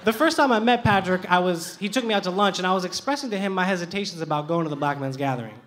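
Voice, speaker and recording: High-voiced young man telling a story onstage. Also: fast talker, a little hiss or hum. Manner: lively, animated, comic timing. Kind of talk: live personal storytelling onstage. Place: theater stage with audience.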